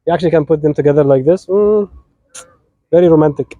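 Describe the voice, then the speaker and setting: A man's voice: fairly high pitch, fast talker, warm tone, dry recording, muffled recording. A man with an Egyptian accent officiating a wedding, giving a playful sermon and teasing the couple as he talks to them directly.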